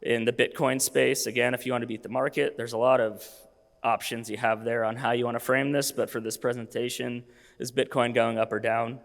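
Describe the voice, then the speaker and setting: A man in his thirties talks through a conference presentation in a loose, casual way, full of fillers and restarts. His voice is gravelly and a little worn, as if he is losing it. The sound rings with the long reverb of a large hall. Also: medium pitch, flat delivery, a little fast. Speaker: conference speaker.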